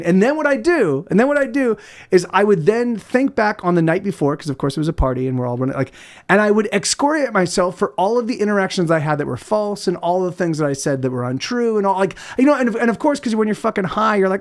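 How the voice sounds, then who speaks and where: A man's voice: sits high, brisk. A man chatting casually on his livestream as a musician, rambling and swearing with many restarts. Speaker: musician streamer.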